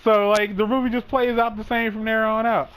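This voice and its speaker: A man hosting a casual podcast chat, telling a long story in a rambling, animated way, full of "like" and restarts. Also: sits high, fairly quick, clean tone, poor audio. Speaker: host.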